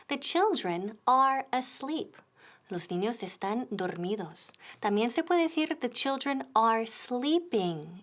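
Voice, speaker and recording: A woman explaining English phrases, slowing down to model them clearly. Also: fairly high pitch. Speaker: English teacher presenter. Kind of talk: bilingual lesson explanation.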